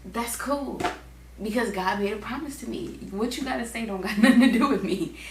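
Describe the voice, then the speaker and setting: A woman's voice: fairly high pitch, brisk, gravelly, darkish tone. A young woman reads the Bible aloud casually, stopping for chatty, slangy asides as a Bible reading host. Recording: echoey room with faint background hum.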